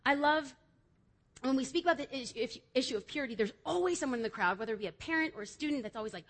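A woman giving an energetic youth sermon in a church service, emphatic and swinging between loud exhortation and quiet confession. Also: high-pitched, rapid-fire. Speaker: youth speaker.

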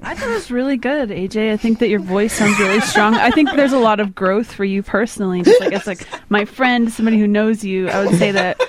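A shy woman guest in a radio studio who speaks hesitantly and softly. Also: mid-range voice, a little fast, hardly any pauses, a loud crowd. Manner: shy, hesitant, soft-spoken.

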